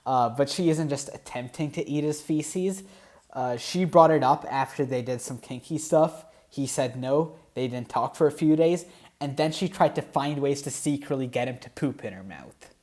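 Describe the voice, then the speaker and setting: A man's voice: mid-range voice, a little mellow. A man who comments on the online posts he reads aloud, with dry, sarcastic asides. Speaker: YouTube commentator.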